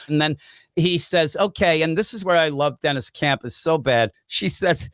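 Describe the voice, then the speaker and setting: A man hosting a comic book podcast in casual chat, animated, swearing and laughing often as he acts out characters. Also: a little high, normal speed, no room sound, clean studio sound.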